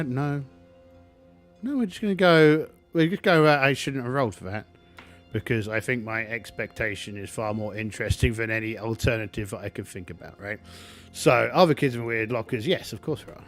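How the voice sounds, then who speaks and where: A man narrating a solo tabletop game, thinking aloud with many restarts and fillers. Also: on the low side.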